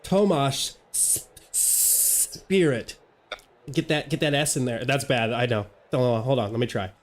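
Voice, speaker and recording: With a medium pitch and fast delivery, a young man laughs and chats casually while streaming sim racing from his home gaming setup late at night, his lines full of stumbling restarts.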